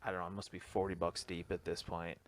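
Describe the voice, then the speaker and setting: A man with a fairly low voice, co-hosting a casual chat show. He tells rambling anecdotes full of fillers, easygoing and conversational. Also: level tone, quick pace. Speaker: podcast co-host.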